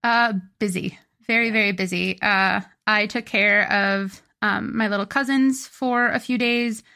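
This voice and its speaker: Bright-voiced young woman podcast co-host. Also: medium pitch, steady tone, measured pace, vocal fry, clear, resonant tone. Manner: rambling and self-correcting as she recalls events. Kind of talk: casual chat.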